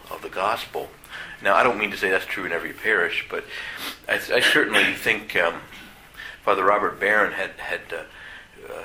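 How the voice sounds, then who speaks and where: Middle-aged male priest, church sermon, conversational and blunt; very low, forceful voice. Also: a little hiss or hum, poor audio. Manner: plain-spoken, conversational, halting with restarts. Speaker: Catholic priest.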